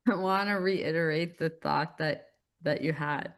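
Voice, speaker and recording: A woman co-hosting a podcast, speaking in a deliberate, reflective way. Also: low-pitched, clean tone. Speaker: podcast co-host. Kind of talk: casual chat.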